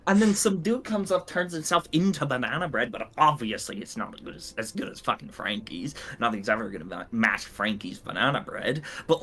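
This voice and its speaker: Young male player, lively and swingy delivery, brash and profane. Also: a little high, breathy edge. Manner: swearing, boisterous, lively. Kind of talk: in-character tabletop game chat.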